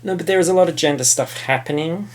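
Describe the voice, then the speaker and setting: A man's voice: on the high side, fast. An Australian man co-hosting a podcast, giving blunt, opinionated film reviews in casual chat and swearing freely. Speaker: podcast co-host.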